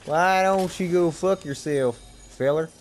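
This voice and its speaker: A man's voice: a little high, unhurried, loud music behind the voice. A young man mocking his friends with brash swearing in a rowdy gaming voice chat. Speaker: gamer in voice chat. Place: voice chat from home.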